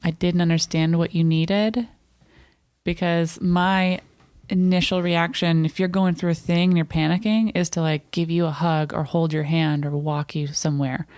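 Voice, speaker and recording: A woman's voice: lowish voice, fairly even intonation, normal speed, a little mellow, dry recording. A woman co-hosting a casual couple's podcast, telling a story in a chatty, wry, matter-of-fact way. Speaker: podcast co-host.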